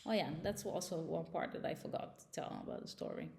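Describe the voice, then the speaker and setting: A woman's voice: low voice, animated, brisk, creaky, darkish tone. A young woman vlogger recounting a personal ordeal, agitated, with frequent fillers and restarts. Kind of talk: personal storytelling.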